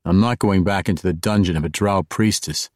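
A man's voice: low-pitched, brisk, darkish tone, no echo. A man voicing a grim, sardonic male assassin who mutters dry remarks.

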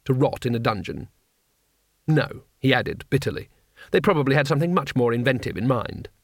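Male narrator with a lively, wry read, close and dry, for an audiobook. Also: medium pitch, vocal fry, no echo. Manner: wry and expressive. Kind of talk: scripted narration.

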